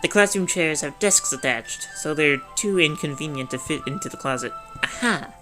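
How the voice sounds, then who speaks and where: Woman narrator, low voice, playful game reading over a clear music bed. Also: lively intonation, moderate pace. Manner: playful, laughs at the script. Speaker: game reader. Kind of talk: reading a visual novel aloud with commentary.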